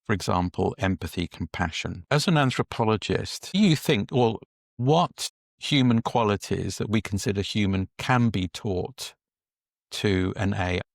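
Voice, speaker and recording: A man hosting an interview, asking measured, thoughtful questions. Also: fairly low pitch, creaky, dry recording, studio quality. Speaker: podcast host.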